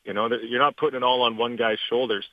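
A man's voice: mid-range voice, steady tone, quick pace, no echo. A Canadian man, a former hockey player, chatting easily about playoff hockey as a guest analyst over the phone. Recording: tinny phone line, dry.

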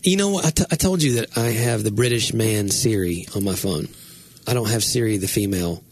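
A man's voice: lowish voice, brisk, breathy edge. A man co-hosting a podcast, telling a rambling, self-deprecating story in casual chat. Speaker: podcast co-host and writer.

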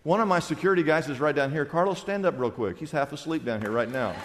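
Male pastor, high voice, emphatic sermon delivery, live church reverb. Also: fast, noisy background. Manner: emphatic preaching with questions to the congregation. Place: large church sanctuary.

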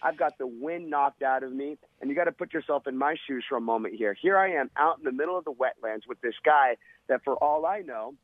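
A man's voice: medium pitch, a little fast, dry recording. A man, a former Navy SEAL, telling a vivid, dramatic story in an interview. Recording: tinny phone-line sound.

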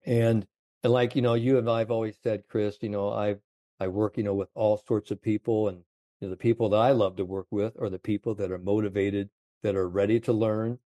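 A man in his seventies, a golf confidence coach, telling animated stories in an interview, full of "you know". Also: fairly low pitch, brisk, no room sound. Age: 70s. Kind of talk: storytelling interview chat.

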